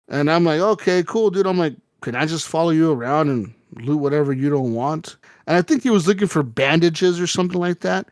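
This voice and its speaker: A man co-hosting a casual gaming podcast tells a long, rambling story full of swearing. He acts out quotes with sudden jumps in pitch, and his voice sits a little high. The sound is dry and close, with no room echo. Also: fairly quick, hardly any pauses, darkish tone. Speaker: podcast co-host.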